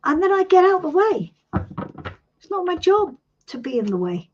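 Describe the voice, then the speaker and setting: A middle-aged British woman hosting a live tarot stream, reassuring a viewer in a warm chatty manner and calling her sweetie. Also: very high voice, sing-song, moderate pace, slight background noise. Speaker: tarot reader and host. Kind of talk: live-stream coaching chat. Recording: dull lo-fi stream audio.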